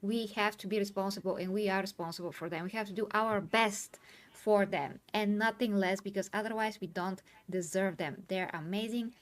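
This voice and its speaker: A woman hosts a commentary panel, speaking earnestly and with clear emotion as she explains her view at length. Her voice sits in a middle pitch. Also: fairly even intonation, moderate pace. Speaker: host.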